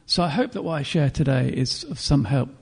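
Gravelly, husky man preaching. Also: mid-range voice, sing-song, fairly quick, a little mellow. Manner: earnest, reflective, with throat-clearing and restarts. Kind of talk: sermon.

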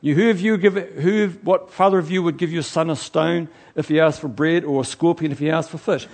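A man preaching a sermon in an animated way, swinging from loud outbursts to quiet asides, chatty and joking at his own expense. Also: a little high, fairly quick. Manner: chatty, self-mocking and joking.

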